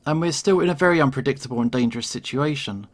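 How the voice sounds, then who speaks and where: A man voicing a calm, stern young woman in a visual novel, curt and measured. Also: medium pitch, natural voice.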